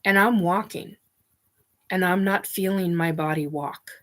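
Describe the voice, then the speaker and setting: Slow-talking blunt woman telling a story. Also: fairly low pitch, steady tone, a bit bright. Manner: blunt, swears freely, halting restarts. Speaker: host. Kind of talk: personal storytelling.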